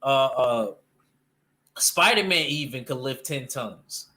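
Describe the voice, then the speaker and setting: Bright-voiced man in loose comic-book chat. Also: medium pitch, slow. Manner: animated, loose slang, frequent restarts. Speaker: panel guest discussing comics. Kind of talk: casual chat.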